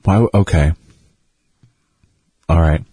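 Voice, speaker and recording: A man's voice: low voice, slow pace, warm tone, breathy edge, dry recording. A man in casual chat who listens and pokes skeptical questions at a story.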